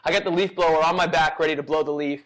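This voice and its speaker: A man co-hosting a casual podcast, telling a joking story in a relaxed way. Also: on the high side, rapid-fire, rough recording. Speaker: podcast co-host, track operator.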